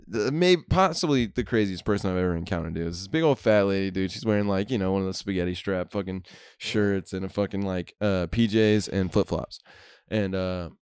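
Brief: young man, low voice, dry close sound, profane and rambling podcast host. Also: brisk, few pauses, a little mellow, smooth, dry recording. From Houston, Texas. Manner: profane, laid-back rambling with laughs. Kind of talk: casual storytelling chat.

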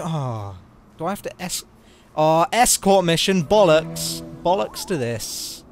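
A man's voice: a little high, big pitch swings, takes it slowly, a little hiss or hum. A young man talking casually and swearing while playing a game, joking and rambling. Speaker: let's play host. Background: game music.

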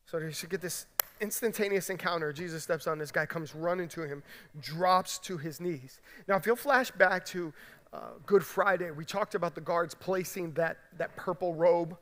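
Man, pastor, high bright voice, emphatic conversational sermon, long hall reverb. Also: normal speed. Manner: emphatic, conversational preaching with frequent "right?". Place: large church sanctuary.

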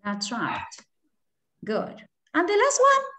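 A woman's voice: sits high, wildly swooping pitch, takes it slowly, bright, forceful tone. Encouraging woman teacher. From Argentina. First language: Spanish. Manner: encouraging, repeats and praises answers, mixes in Spanish. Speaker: English teacher. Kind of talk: online class instruction.

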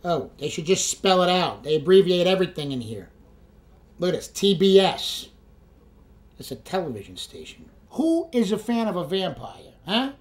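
A man's voice: high voice, sing-song, moderate pace. A man playing a cranky old Italian vampire dad. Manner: blunt, cranky, swears. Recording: roomy with faint background noise.

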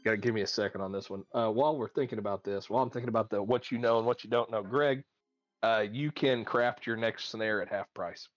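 A man's voice: fairly low pitch, fast talker, dry recording, lo-fi sound, faint music behind. A man narrating as game master in a tabletop game, thinking aloud with many fillers.

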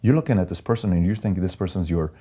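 A man's voice: sits low, rapid-fire, warm tone, breathy edge. A man speaking as an interview guest, telling personal stories in an emphatic, candid way and repeating phrases for effect. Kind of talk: candid conversational storytelling.

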